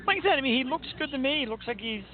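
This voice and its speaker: A man from Philadelphia hosts a casual sports talk show with a high voice and a lot of enthusiasm. He chats freely and laughs easily. The audio is thin and tinny like a phone line, with faint background noise. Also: expressive, very fast. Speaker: show host.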